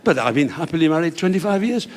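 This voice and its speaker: A man's voice: on the high side, big pitch swings, quick pace, a little hiss or hum. A man playing a middle-aged male doctor in a joke, plain and matter-of-fact. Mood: puzzled.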